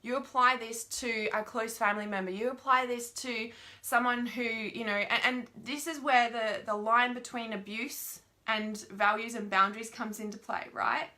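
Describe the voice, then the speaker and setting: A young woman giving an informal spiritual teaching talk, frank and animated, swearing often and checking in with her listeners. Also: a little high, moderate pace.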